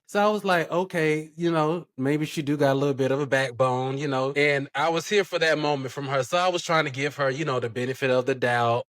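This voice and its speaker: A man's voice: fairly high pitch, a little fast, hardly any pauses, fairly bright tone. A man co-hosting a recap show in a laid-back, casual way, quoting the cast as he talks. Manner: laid-back, many fillers, quotes the cast. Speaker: podcast co-host.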